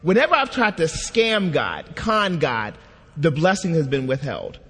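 A man's voice: a little high, measured pace, husky. A man preaching a sermon, telling a personal story and acting out the quoted dialogue with lots of expression. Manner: animated, acts out quoted dialogue. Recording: long hall reverb.

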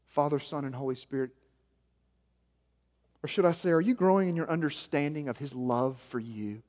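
A man from Arkansas preaching a sermon as pastor, emphatic, swinging from hushed to loud and repeating key lines. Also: on the high side, moderate pace. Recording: long reverb of a large hall.

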